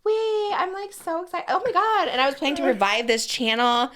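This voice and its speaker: An American woman in her thirties hosting a podcast, chatting casually in a gushing, excitable, self-mocking way. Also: high-pitched, a little fast, a crowd in the background. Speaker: podcast host. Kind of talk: casual chat.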